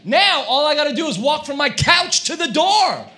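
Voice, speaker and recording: High, bright-voiced animated male pastor. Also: normal speed. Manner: animated, acts out quoted shouting. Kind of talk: sermon with comic storytelling.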